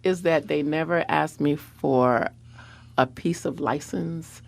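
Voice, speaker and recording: A woman guest telling a story in an animated way, loud and exuberant with big swings in her voice. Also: deep voice, slow pace, gravelly. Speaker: guest, online video personality.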